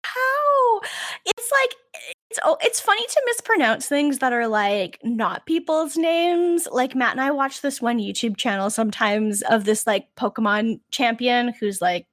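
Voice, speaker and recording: A woman with a high, bouncy voice co-hosting a casual podcast. She tells stories in a lively way, laughing and swearing as she goes. The sound is dry and close. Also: measured pace, no room sound. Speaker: podcast co-host. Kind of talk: casual chat.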